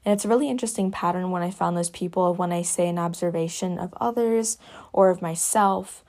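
Young woman host, low-pitched, gravelly fry; soft, halting solo reflection, slips into whispers. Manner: soft-spoken, halting, often drops to a whisper. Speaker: podcast host. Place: her cabin.

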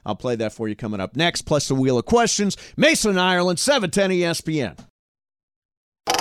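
Animated sports radio host man. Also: on the high side, brisk, slight background noise. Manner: lively, animated host patter.

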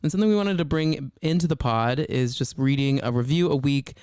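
A man co-hosting a podcast in casual chat, talkative and quick to laugh, with lots of filler words. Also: medium pitch, darkish tone, clean tone, no echo, studio quality. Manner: chatty, laughs often, many "like" fillers. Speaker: podcast co-host.

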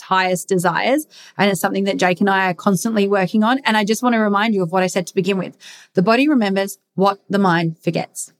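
A woman hosting a candid solo podcast, speaking earnestly and emphatically, repeating her key phrases and swearing casually. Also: medium pitch. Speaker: podcast host.

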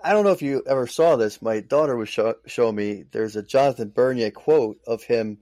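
A man's voice: mid-range voice, fairly quick, warm tone. A man co-hosting a podcast, chatting and teasing in casual sports talk. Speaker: podcast co-host.

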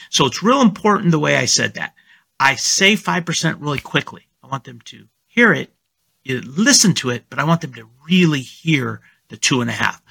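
A confident man talks through his sales pitch on a remote call. His voice has a gravelly fry and a sharp, bright tone. He sounds practiced and persuasive, as if coaching listeners. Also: expressive, normal speed, dry recording. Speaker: real estate agent guest. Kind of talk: conversational podcast interview.

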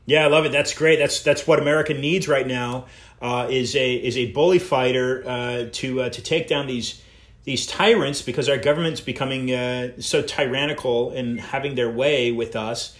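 A man's voice: medium pitch, steady tone, moderate pace, roomy sound. A man hosting an interview show, speaking hesitantly with many filler words. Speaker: show host.

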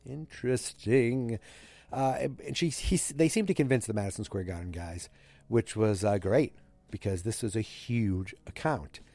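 A man's voice: lowish voice, lively intonation, moderate pace, warm tone, no echo. A man casually recapping an episode, rambling with fillers and self-corrections. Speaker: show recap host.

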